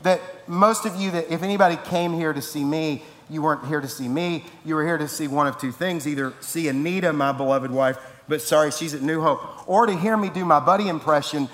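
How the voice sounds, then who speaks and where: A pastor with a slightly high, somewhat bright voice speaks a little fast with hardly any pauses, his sound filling a big room. In the church sanctuary he delivers sermon announcements and tells a humorous anecdote, rambling and correcting himself as he goes.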